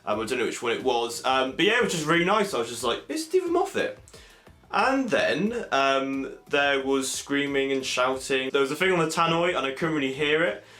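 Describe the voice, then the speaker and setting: A young man from England chatting excitedly in a casual vlog, full of fillers and animated asides. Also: mid-range voice, a little fast, hardly any pauses, faint music behind. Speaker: vlogger. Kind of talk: casual convention recap vlog. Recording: echoey room.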